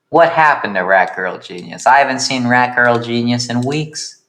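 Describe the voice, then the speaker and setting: A man improvising comedic narration for his own animated series, rambling and making self-deprecating asides. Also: mid-range voice, normal speed.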